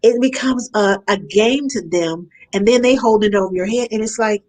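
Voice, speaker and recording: A woman talking as a nanny in a casual conversation, animated and acting out the parents and children she describes. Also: mid-range voice. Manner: animated, acts out parents and kids in quick asides. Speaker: nanny guest.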